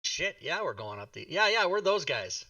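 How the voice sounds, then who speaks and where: A man's voice: a little high, very animated, moderate pace, sharp tone, dry recording, recorded from a distance. A man playing a tabletop game, joking around and swearing casually. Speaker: player.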